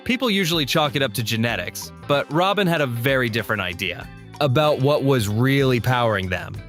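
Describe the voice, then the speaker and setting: A man reading scripted voice-over narration in a smooth, even, promotional way. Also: mid-range voice, a little fast, faint music behind. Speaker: compilation narrator.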